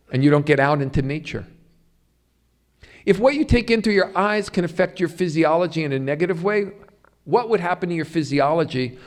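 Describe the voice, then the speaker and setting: A man's voice: fairly high pitch, darkish tone. A middle-aged man giving a public Ayurveda lecture, speaking to the audience in a string of emphatic rhetorical questions. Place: yoga center hall.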